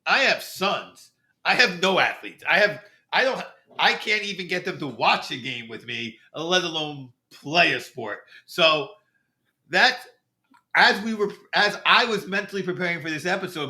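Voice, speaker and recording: Man, middle-aged, podcast co-host, reflective casual chat, very bright tone. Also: a little high, animated, normal speed.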